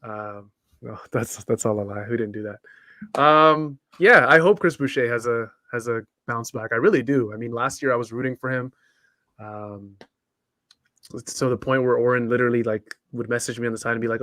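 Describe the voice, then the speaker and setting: A man's voice: medium pitch, fairly even intonation, moderate pace, pushed and bright, dry recording, studio quality. A tired man co-hosting a live basketball show, chatting casually in a rambling, joking way. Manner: rambling, self-deprecating joking. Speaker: basketball podcast co-host. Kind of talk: casual live-stream chat.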